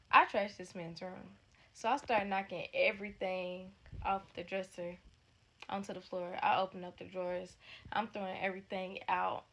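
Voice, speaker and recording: A young woman telling a dramatic story to her listeners in a casual, animated way. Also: medium pitch, moderate pace.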